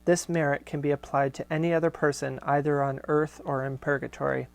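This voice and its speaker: A man hosting a live show, reading archival letters aloud in a measured way with casual asides. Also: fairly high pitch, steady tone, creaky.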